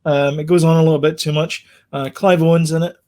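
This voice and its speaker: A man's voice: a little high, flat delivery, darkish tone. A man co-hosting a podcast in casual chat, rambling with lots of ums. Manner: rambling, fills pauses with ums. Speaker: podcast co-host.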